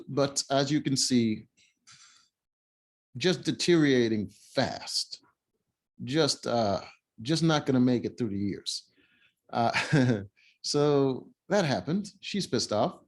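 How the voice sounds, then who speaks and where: A man giving casual, opinionated commentary while reviewing a reality show, blunt and mocking. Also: mid-range voice.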